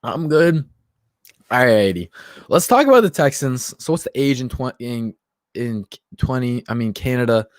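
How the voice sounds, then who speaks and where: A tipsy young man hosts a loose, casual livestream, riffing with his viewers and reading their comments aloud. His voice sits at a middle pitch, and the sound is dry and close, with no room echo. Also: animated, normal speed. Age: 20s. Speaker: livestream host.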